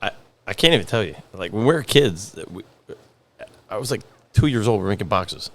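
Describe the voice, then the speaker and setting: A man's voice: lowish voice, animated, a little fast. A man in his forties, a podcast guest and pizzeria owner, telling stories in casual chat, repeating phrases for emphasis. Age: 40s.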